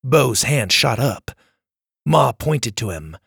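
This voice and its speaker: Casting: male audiobook narrator, gravelly, lively pitch, dry studio sound. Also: slow pace, no echo. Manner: expressive, storybook reading.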